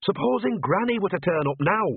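A man voicing a brash, cheeky old witch woman who shouts bluntly, on a tinny phone-like recording. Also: high voice, lively intonation, brisk, slight background noise, voice pushed up. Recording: tinny phone-like dry audio.

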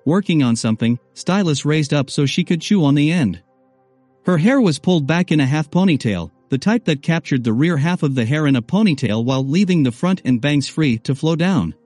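A man reads a first-person story with a wry, conversational delivery and a voice on the higher side. The sound is dry and close, with soft music under him. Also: no room sound. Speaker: narrator. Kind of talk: first-person audiobook narration.

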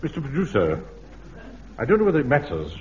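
An actor playing a pompous, self-important middle-aged Home Guard captain in a radio sitcom. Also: male voice, mid-range voice, huge pitch swings, brisk. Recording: muffled old radio recording with hiss.

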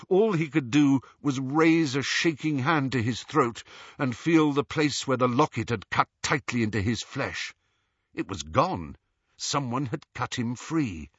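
A man reading an audiobook aloud in measured, dramatic storytelling. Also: mid-range voice, a bit bright, breathy edge, dry recording, muffled recording. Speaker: audiobook narrator. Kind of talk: scripted narration.

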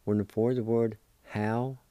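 A man hosting a language lesson, spelling words letter by letter and pronouncing them slowly and deliberately. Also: fairly low pitch, level tone, dark tone, no echo. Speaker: host teaching Cherokee words.

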